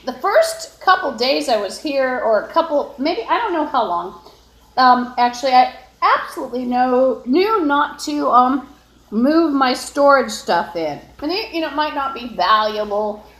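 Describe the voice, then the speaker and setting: A woman's voice: sits high, lively intonation, unhurried, fairly bright tone. A woman live-streaming alone from her apartment, talking on and on with lots of fillers and restarts. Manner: meandering, with frequent fillers and restarts. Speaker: livestreamer. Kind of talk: rambling solo live stream. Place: indoors in an apartment. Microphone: phone. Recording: echoey room.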